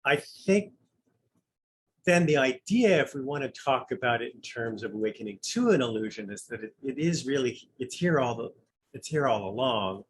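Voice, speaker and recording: Musing, low-voiced male Zen teacher. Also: lively intonation, moderate pace, a little hiss or hum, poor audio. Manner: musing, conversational, thinks aloud with light humor. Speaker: Zen Buddhist priest giving a dharma talk. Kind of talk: informal dharma talk.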